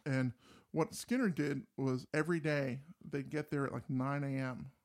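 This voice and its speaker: A man with a gravelly, creaky edge co-hosts a relaxed music conversation. He tells stories with energy and slips into little impressions of riffs and voices. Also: mid-range voice, moderate pace. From New Jersey. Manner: animated storyteller, mimics voices and guitar riffs. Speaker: podcast co-host. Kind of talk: casual chat about music.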